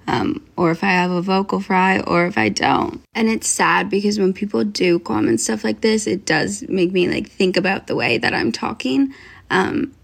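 A young woman talking to camera in a social media clip, speaking in an earnest, open, soft-spoken way. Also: on the low side, creaky, slightly rough.

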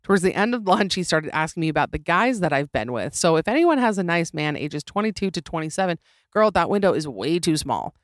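A young comedy podcast host speaks in a fairly low voice, very animated and brisk, on a dry recording made close in a small room. Her casual monologue is sarcastic and opinionated, and she laughs easily.

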